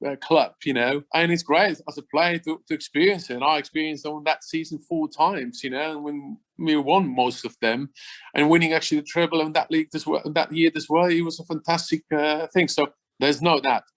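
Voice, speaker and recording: As a guest in a casual interview, a middle-aged Swiss man who used to play football talks fairly quickly in a high voice with fairly even intonation. His non-native phrasing comes with lots of enthusiasm and repeated words.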